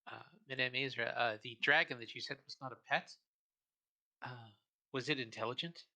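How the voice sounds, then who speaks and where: A man's voice: mid-range voice, normal speed, pushed and bright. A man playing a tabletop game, asking polite questions in character. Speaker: player. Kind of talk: tabletop role-play.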